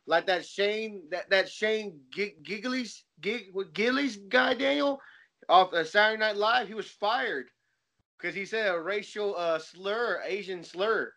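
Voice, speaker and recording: A man's voice: high voice, unhurried, sharp tone. A man in his forties hosting a podcast, chatting casually and rambling through loose stories. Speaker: podcast host. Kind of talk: casual chat.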